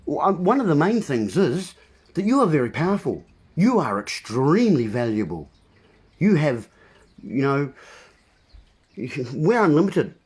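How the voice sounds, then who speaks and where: A man's voice: a little high, sing-song, a little slow, pauses often, darkish tone, husky. A man talking to his viewers in an impassioned monologue, emphatic and frustrated, playing with words. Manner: impassioned, emphatic wordplay ranting. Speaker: vlogger.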